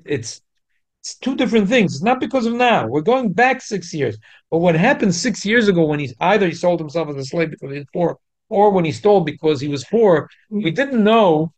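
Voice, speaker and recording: A man teaching a Torah class in an animated way, repeating key points for emphasis. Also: a little high.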